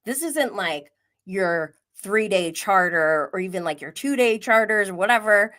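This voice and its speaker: A woman's voice: mid-range voice, expressive, unhurried, a bit bright. A woman hosting a live-stream reality TV recap, chatty and opinionated, often laughing and acting out quoted asides. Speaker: reality TV commentary host.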